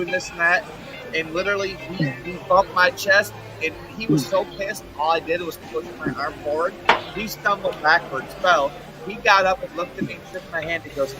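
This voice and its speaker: A man with a high voice spins swaggering fight stories, swearing as he goes. Loud music plays clearly behind him. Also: brisk, low-quality recording. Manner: tough-talking storyteller, swearing, laughing at own lines. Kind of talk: casual bar-room chat.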